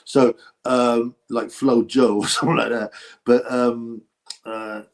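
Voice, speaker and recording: A man's voice: mid-range voice, flat delivery, takes it slowly. A man hosting a casual livestream about boxing, rambling between topics with many fillers and chuckles. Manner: rambling, chatty, with frequent fillers and laughs. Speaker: boxing channel host.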